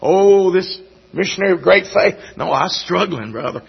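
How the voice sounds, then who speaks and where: A man giving a sermon testimony in a halting, folksy way, often repeating his words. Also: high voice, animated, vocal fry, husky. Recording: dull lo-fi recording.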